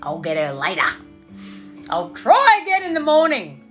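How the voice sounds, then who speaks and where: A woman's voice: fairly high pitch, huge pitch swings, moderate pace, faint music behind. A woman voicing her own inner ego as a scheming, taunting voice that mutters and mocks. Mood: taunting, sly.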